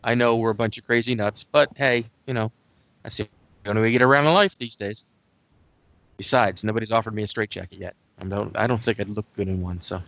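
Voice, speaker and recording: A man's voice: on the low side, fairly even intonation, brisk, gravelly, a bit bright, no room sound, highs cut off. Joking man hosting a talk show. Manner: joking, self-deprecating sign-off. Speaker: co-host. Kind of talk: casual religious talk show chat.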